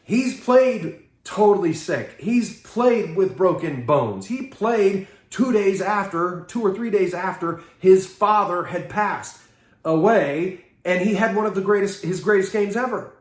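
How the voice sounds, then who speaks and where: Guy with a highish voice doing a seminar, lively storytelling w chuckles, echoey room. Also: a little slow. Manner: lively anecdotes, chuckling, acting out quotes. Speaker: seminar speaker.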